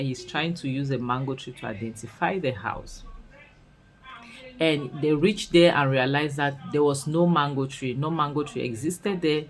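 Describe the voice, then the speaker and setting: A woman with a Nigerian accent recapping a series in casual commentary, expressive and full of scolding rhetorical questions. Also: deep voice, normal speed, low-quality recording. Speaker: series reviewer.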